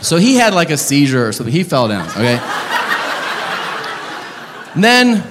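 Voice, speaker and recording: A man doing stand-up comedy, telling stories in an animated, profane, ranting way. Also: on the high side, moderate pace, big-room sound, noisy background.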